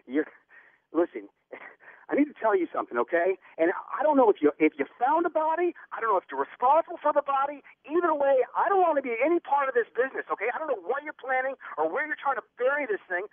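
A man's voice: very high-pitched, big pitch swings, quick pace, dry recording. A man working at a store, talking on a phone call, flustered and stammering, often repeating his words. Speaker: store clerk, prank target. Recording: phone line.

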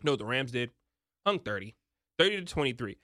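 A young man giving sports betting picks in an emphatic, excitable talk-show manner. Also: medium pitch, a little fast, no echo, studio quality. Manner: emphatic, rising to excited near-shouts.

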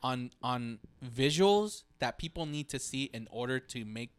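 A man's voice: mid-range voice, lively intonation, measured pace, clean tone, no echo. A man co-hosting a podcast, telling rambling stories in casual chat and acting out voices. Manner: rambling storyteller, acts out voices. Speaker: podcast co-host.

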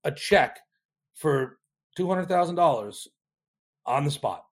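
A man, a startup co-founder, telling an animated story in a podcast interview, acting out quotes with frequent restarts. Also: on the high side, slow.

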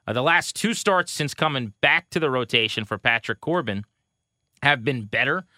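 A man co-hosting a baseball podcast, casually rattling off pitching stats with a wry edge. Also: lively intonation, normal speed, sharp tone, no echo, studio quality. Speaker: podcast co-host. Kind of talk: casual sports talk.

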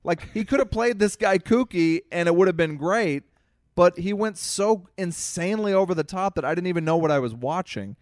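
A man's voice: sits high, expressive, normal speed, darkish tone, no echo, studio quality. A man co-hosting a podcast, talking casually, cursing freely, and telling stories to listeners he calls folks. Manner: profane, storytelling, addresses listeners as folks. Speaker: podcast co-host. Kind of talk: casual chat.

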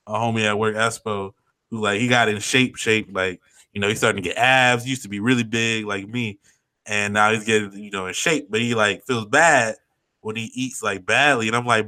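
Bright-voiced profane man chatting. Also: fairly low pitch, steady tone. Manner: laid-back, profane, drawn-out slang. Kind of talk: casual chat.

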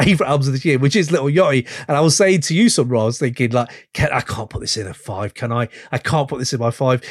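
A man's voice: mid-range voice, dry recording, studio quality. A man hosting a podcast, chatting in a rambling, enthusiastic way and swearing freely. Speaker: podcast host. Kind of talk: casual chat.

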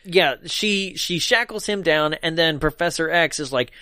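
A man in casual chat, recapping a movie with lots of swearing and quick acted-out character bits. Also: fairly high pitch, bright, forceful tone, dry recording, clean studio sound.

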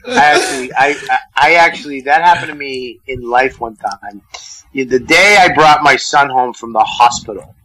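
A man's voice: mid-range voice, moderate pace, a crowd in the background, rough recording. A man, a comedian guest, telling profane stories in a casual radio chat. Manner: profane, animated storyteller. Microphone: phone call-in.

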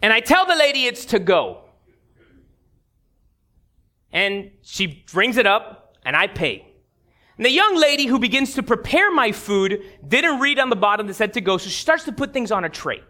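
A man's voice: sits high, very animated, moderate pace, pushed and bright. A pastor preaching a sermon, telling a personal story with candid humor and speaking directly to his congregation. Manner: direct, talks straight to the congregation.

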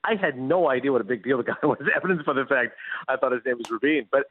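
A Canadian-born man, a guest sports broadcaster, telling stories in an animated, quick way on a casual sports radio show. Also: mid-range voice, a crowd in the background. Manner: animated storyteller, quick, laughs often. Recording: tinny phone-line remote audio.

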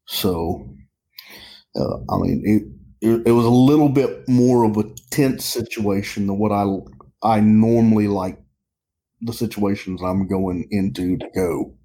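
Mellow-voiced man recounting an incident. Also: lowish voice, fairly even intonation. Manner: halting, many restarts and repeats. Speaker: sheriff's deputy telling his story. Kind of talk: interview storytelling.

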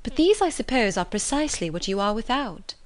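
Woman as a spirited young lady, teasing, quick-witted, lively. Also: on the high side.

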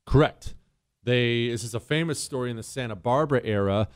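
A man's voice: medium pitch, fairly quick. A man hosting a call-in radio talk show, brash and joking as he talks.

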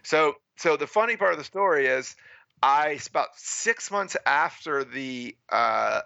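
A man from the United States telling a story as a guest in a casual interview, animated and peppering his talk with "right?" and "you know". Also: fairly high pitch, measured pace, gravelly, no room sound, highs cut off. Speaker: guest, freediving and spearfishing instructor.

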